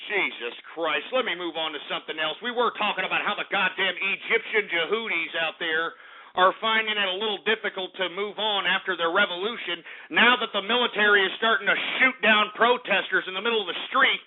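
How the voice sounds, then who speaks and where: A man's voice: high-pitched, a little fast. A man hosting a talk radio show, ranting and swearing with bursts of mock outrage. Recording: tinny phone-like audio.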